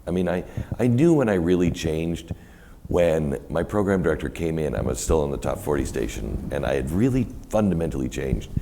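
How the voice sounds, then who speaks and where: A very deep, gravelly male voice carries a rambling onstage story, his pitch swinging widely as he acts out what others said. He sounds middle-aged, speaking at a university event before an audience. A faint hiss sits beneath the room sound. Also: fairly quick. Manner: animated, rambling storyteller who quotes others in many voices. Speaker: guest. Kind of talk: storytelling in a live onstage conversation.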